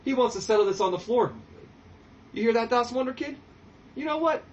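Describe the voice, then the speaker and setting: A man's voice: very high voice, expressive, brisk, far from the mic, muffled recording, voice pushed up. A man voicing a flashy, boastful male disco wrestler who taunts his rivals. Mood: taunting. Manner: taunting, startled bluster.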